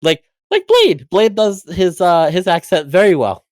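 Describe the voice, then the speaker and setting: A podcast guest talks hesitantly, running his words together with fillers and putting himself down. His voice is at an ordinary pitch and recorded close with no room sound. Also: huge pitch swings, measured pace, a little mellow, no room sound. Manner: hesitant, self-deprecating, many fillers. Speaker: guest voice actor. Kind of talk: casual roundtable chat.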